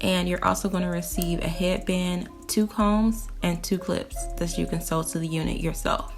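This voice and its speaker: A woman's voice: on the low side, normal speed. Chatty young woman vlogger in echoey room. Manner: animated storytelling with laughs, addresses viewers as "you guys". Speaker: beauty vlogger. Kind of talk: casual chatty product review. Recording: roomy, distant mic with faint music.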